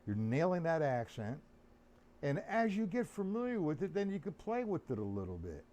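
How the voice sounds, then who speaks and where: A man's voice: a little high, sing-song, moderate pace, warm tone. A man teaching drums on a live stream, chatting loosely and answering viewers by name. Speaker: drum teacher. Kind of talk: live-streamed drum lesson.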